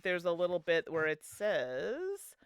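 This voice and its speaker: A woman's voice: on the low side, wildly swooping pitch, slow, smooth, no echo, clean studio sound. A woman chatting casually while playing a tabletop game and explaining the rules. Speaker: game master and player.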